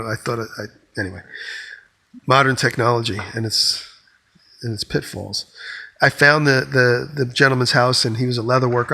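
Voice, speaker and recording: A man's voice: mid-range voice, pushed and bright. A man co-hosting a podcast, telling a long rambling story with lots of restarts. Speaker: podcast co-host. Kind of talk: casual chat.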